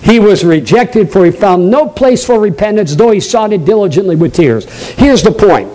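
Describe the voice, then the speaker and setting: A man with a New England accent preaching a sermon, stressing points loudly, dropping into low asides and putting questions straight to the congregation. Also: lively intonation, moderate pace, low-quality recording. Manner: emphatic preaching, swinging between loud high stresses and low quiet asides; draws the congregation in with direct questions.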